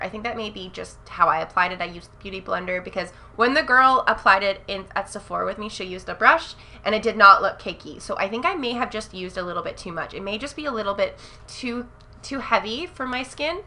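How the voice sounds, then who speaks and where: Bright-voiced gushing young woman vlogger. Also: mid-range voice, a little fast. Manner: gushing, gasping and squealing with excitement. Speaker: beauty vlogger. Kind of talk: casual makeup haul review.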